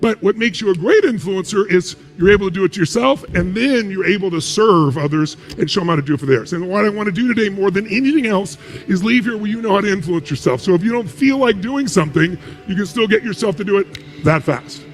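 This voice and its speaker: A man's voice: sits high, expressive, fast talker. A man giving a motivational talk, emphatic, asking rhetorical questions and answering them himself. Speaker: motivational speaker.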